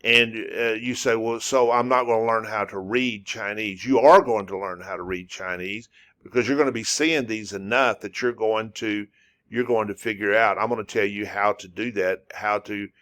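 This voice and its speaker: A man teaching a spoken lesson in a halting, casual way, with many fillers and restarts, drawing out sounds to demonstrate them. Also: lowish voice, fairly even intonation, a bit bright. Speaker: language teacher.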